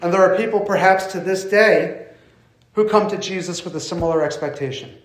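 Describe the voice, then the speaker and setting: A man's voice: high-pitched, fairly quick. A man preaching a sermon in a conversational way, acting out quoted voices. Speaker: pastor. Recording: echoey hall, mic far off.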